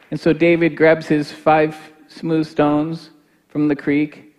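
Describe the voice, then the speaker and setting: A man's voice: a little high, completely flat delivery, takes it slowly, a little mellow, a faint crowd. A middle-aged man preaching a sermon, telling a homely story and then building to fervent exhortation. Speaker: pastor.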